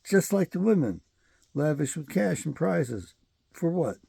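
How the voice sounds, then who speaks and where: A man's voice: a little high, big pitch swings, measured pace, creaky, dark tone, husky, no room sound. A man hosting his own show, delivering a rambling, profane and emphatic solo commentary monologue. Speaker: show host.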